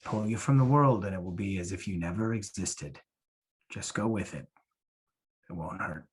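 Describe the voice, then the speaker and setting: A man playing a husky South African dead man. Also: low voice, moderate pace. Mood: coaxing menace. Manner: cold, coaxing and threatening. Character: menacing dead adult male opal miner. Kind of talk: online play reading.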